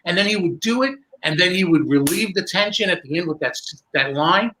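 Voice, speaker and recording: A man, a magician, telling animated stories in conversation and building suspense as he goes. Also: high voice, a little fast, a little hiss or hum, poor audio. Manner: lively, building suspense with self-interruptions. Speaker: magician recalling a fellow performer.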